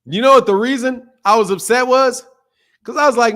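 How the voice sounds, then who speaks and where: A man hosting a boxing channel, delivering a loud, profane, fired-up rant in casual stream talk, laughing between points. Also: extremely high pitch, fairly quick.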